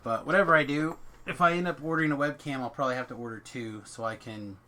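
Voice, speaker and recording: A man's voice: medium pitch, fairly even intonation, quick pace, pushed and bright. A man hosting a game stream from home, chatting casually and thinking aloud as he plays. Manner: rambling, thinks aloud about his setup. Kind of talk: casual chat while gaming.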